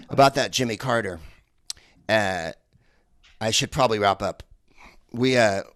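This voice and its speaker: A stand-up comic from San Francisco rambles through a set from home, his voice sitting a little low. He talks into an earpiece headset with lots of ums and restarts. The sound is dry and close. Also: animated, normal speed, long pauses, a bit bright, dry recording. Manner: rambling, digressive delivery with many fillers. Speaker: stand-up comedian. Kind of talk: stand-up set over a video call.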